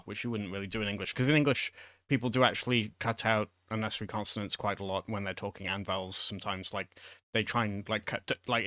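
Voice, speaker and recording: A man's voice: on the low side, bright, forceful tone, dry recording, clean studio sound. A man casually explaining Welsh words while reading a quiz on screen, rambling with lots of fillers and restarts. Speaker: YouTuber teaching Welsh. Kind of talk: casual screen-share commentary.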